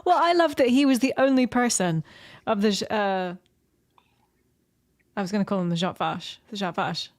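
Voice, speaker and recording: A woman's voice: medium pitch, moderate pace, long pauses, dry recording, clean studio sound. A woman co-hosting a podcast, chatting playfully and laughing with her co-host. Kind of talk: casual chat.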